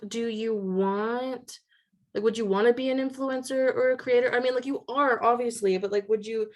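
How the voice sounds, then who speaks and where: A woman's voice: steady tone, normal speed. Chatty woman hosting a casual interview. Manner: chatty, many "like" fillers, quotes people in a higher voice. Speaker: podcast host.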